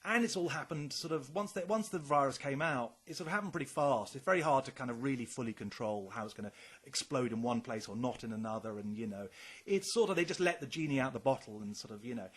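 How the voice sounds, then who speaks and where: A man's voice: mid-range voice, quick pace, a bit bright, slightly rough. A man co-hosting a casual podcast chat, rambling and speculating, swearing often. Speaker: podcast co-host.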